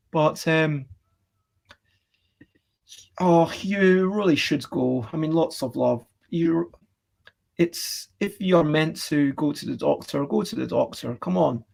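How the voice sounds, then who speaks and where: A woman's voice: low-pitched, gravelly, a little mellow. A woman, chatting in a cheerful, rambling way with her live stream audience. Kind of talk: casual chat to a live stream chat.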